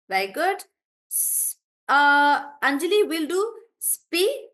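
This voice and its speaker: A woman's voice: sits high, big pitch swings, measured pace, fairly bright tone. A woman from South India with a South Indian English accent, teaching pronunciation in a live online class, encouraging and breaking words into syllables.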